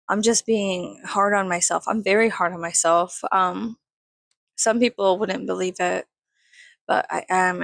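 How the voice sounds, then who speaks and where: A worn-out young woman rambles through her dawn makeup routine, swearing freely and teasing herself. Her voice has a rough, gravelly fry. The sound is dry and close. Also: on the low side, a bit bright, dry recording. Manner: tired, swears often, self-mocking. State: tired. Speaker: vlogger. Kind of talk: casual early-morning makeup vlog.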